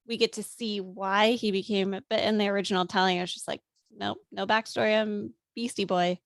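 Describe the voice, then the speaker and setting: A woman co-hosting a podcast, chiming in with quick, playful comments. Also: mid-range voice, fairly even intonation, gravelly, no echo, studio quality. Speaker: podcast co-host. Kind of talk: casual chat.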